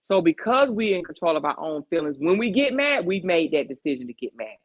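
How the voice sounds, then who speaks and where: A woman's voice: lowish voice, very animated, a little fast. Emphatic woman giving life advice, dull lo-fi sound. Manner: emphatic, preachy life advice with rhetorical questions. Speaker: podcast host. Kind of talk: casual heart-to-heart chat.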